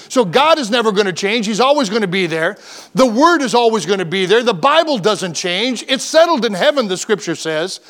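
Male pastor, high-pitched, fervent and emphatic, sermon delivery with repeated lists. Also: a bit bright. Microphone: church microphone, broadcast on radio.

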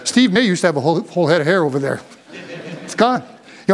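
An older man preaching a sermon to a congregation, with a notably high-pitched voice. His delivery swings between quiet, reflective passages and fervent, near-shouted exhortation. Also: very animated, a little fast. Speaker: pastor.

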